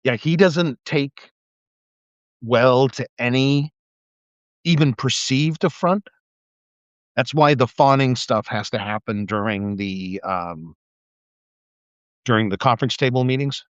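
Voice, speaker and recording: A man's voice: mid-range voice, slow, long pauses, no echo. Casual man ranting on a livestream. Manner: animated storytelling, acts out quotes in a raised voice. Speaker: live stream host. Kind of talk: casual monologue. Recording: slightly dull lo-fi sound.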